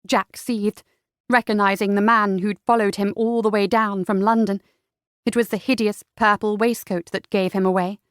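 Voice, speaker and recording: Brief: female audiobook narrator, mid pitch, measured delivery, dry close sound. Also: a bit bright, dry recording. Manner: measured storytelling. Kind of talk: scripted narration.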